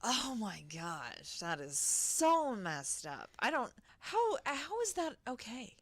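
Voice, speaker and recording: Animated woman telling a spooky story. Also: a little high, takes it slowly, no room sound. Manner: animated storytelling, acting out her own shocked reactions. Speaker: podcast co-host. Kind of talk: casual chat.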